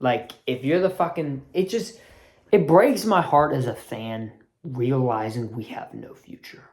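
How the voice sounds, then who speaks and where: A woman's voice: unhurried, a little mellow. A woman hosting her own sports channel, delivering a fired-up, profane rant as a fan. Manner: profane, fired-up ranting with big swings in pitch. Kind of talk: ranting sports commentary vlog.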